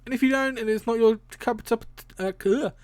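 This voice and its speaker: A man's voice: very high-pitched, moderate pace, a little mellow, clean tone, no echo. A man hosting a casual solo stream, rambling and chatty, laughing often and swearing casually. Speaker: streamer and podcast host.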